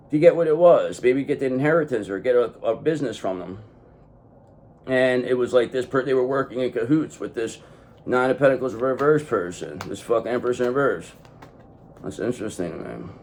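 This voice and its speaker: A man's voice: mid-range voice, a little mellow. A man giving a casual, rambling tarot reading to his viewers. He swears freely and keeps saying "okay" as he talks. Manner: rambling, often says "okay". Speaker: tarot reader.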